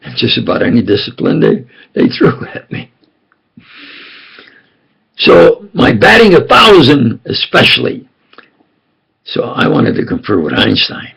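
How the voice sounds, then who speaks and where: An older man with a tough New York accent tells his story in a slow, deliberate monologue, voice deeply gravelly and rough. His pitch rises and falls with lively swings as he presses his points with conspiratorial insistence. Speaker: self-styled preacher and storyteller. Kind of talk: rambling personal monologue.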